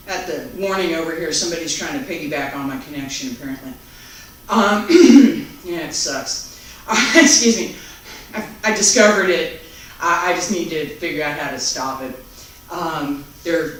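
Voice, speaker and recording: A man teaching a taiji class online, calmly calling out each movement, breath and count step by step. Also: high-pitched. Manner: calm, unhurried step-by-step cueing and counting. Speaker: taiji instructor. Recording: very echoey room, mic far off, faint background noise.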